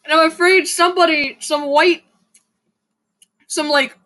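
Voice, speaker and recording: A young woman rambles through her own solo podcast, swearing freely and mocking herself. Her voice sits high and her delivery drags along at a slow pace. Now and then she breaks into a shrill, half-laughing shout. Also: fairly even intonation. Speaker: podcast host. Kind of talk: casual solo podcast rant.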